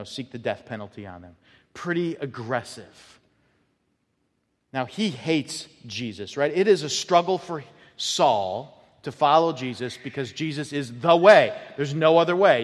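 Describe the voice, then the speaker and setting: Emphatic male pastor in a reverberant hall. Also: mid-range voice. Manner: emphatic, often repeats words. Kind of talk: sermon. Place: church sanctuary.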